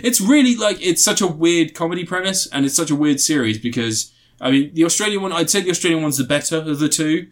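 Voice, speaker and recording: A man's voice: fairly high pitch, animated, fast, few pauses. A man chatting casually on a podcast, retelling a TV series in a rambling way, restarting his sentences and laughing as he goes. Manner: rambling, restarts often, laughs while telling. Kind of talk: casual chat recapping a TV series.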